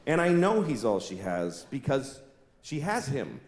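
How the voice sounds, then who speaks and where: A man's voice: mid-range voice, big pitch swings, unhurried. Exasperated stand-up man, echoey venue. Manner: exasperated, acts out voices in wild jumps. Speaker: stand-up comedian. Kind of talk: stand-up comedy routine. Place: comedy stage in a large venue with audience. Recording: echoey live venue with ambient noise.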